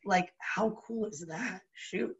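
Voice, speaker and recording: A woman with a New Jersey accent chatting as a podcast guest, bubbly and animated, full of "like" fillers. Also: medium pitch, takes it slowly, muffled recording. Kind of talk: casual chat.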